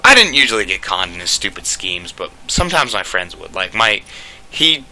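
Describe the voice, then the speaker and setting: A man's voice: sits low, very animated, moderate pace, sharp tone, a little hiss or hum. A young man telling a casual storytime rant, rambling and profane, packed with "like" fillers.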